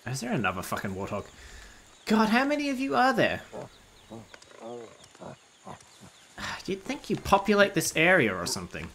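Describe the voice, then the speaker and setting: A man's voice: high-pitched, wildly swooping pitch, a little slow, long pauses, pushed and bright, a little hiss or hum. A man, giving casual gameplay commentary as a streamer, swearing freely and laughing often.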